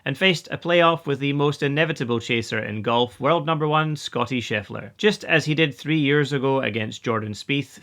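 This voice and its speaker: Bright-voiced man reading golf results. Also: mid-range voice, vocal fry. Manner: steady results read-out, rising at each new tour. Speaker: golf news host. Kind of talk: scripted news roundup.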